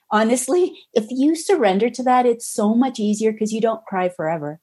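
A middle-aged woman author speaking as a podcast guest, earnest and gently reassuring. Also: a little high, animated, moderate pace, breathy edge. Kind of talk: podcast interview conversation.

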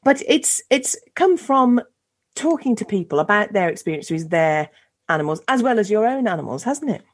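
Lively, breathy woman podcast host. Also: medium pitch, moderate pace. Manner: enthusiastic, affirming, laughs easily. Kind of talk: podcast interview conversation.

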